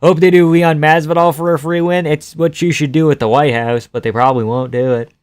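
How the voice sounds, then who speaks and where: A man's voice: a little high, fairly even intonation, a little fast, a little mellow, clean tone, no room sound. A male streamer giving casual live fight reactions and reading chat questions aloud, offhand and chuckling, swearing now and then.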